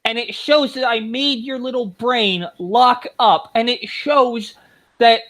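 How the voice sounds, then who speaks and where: A podcast guest in a casual chat who explains at length and with emphasis. The delivery is mid-pitched and pointed. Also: fairly even intonation, slow pace, fairly bright tone, poor audio.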